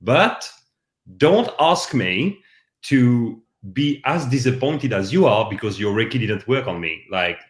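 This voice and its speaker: A man's voice: mid-range voice, expressive, measured pace, reverberant. A man from France with a French accent, a guest talking candidly and animatedly in a casual live chat.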